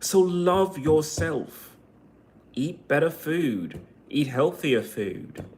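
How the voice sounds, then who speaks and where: A man delivering a heated, profanity-filled monologue rant as a vlogger, swinging between loud outbursts and quiet, emotional stretches. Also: on the high side, animated, very slow.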